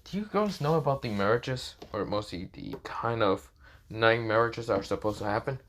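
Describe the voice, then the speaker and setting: A man's voice: fairly low pitch, expressive, moderate pace, fairly bright tone. A man voicing a brash young woman in a fan story, talking in a raised, pleading and defensive way. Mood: insistent.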